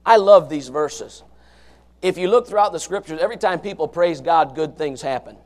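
A man preaching a fiery sermon, swinging from low murmurs to shouted passages in a folksy, emphatic way. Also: normal speed. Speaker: pastor.

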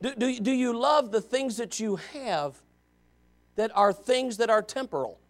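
A Baptist pastor preaching a fervent sermon, swinging between quiet asides and shouts. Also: male voice, extremely high pitch, lively intonation, a little slow.

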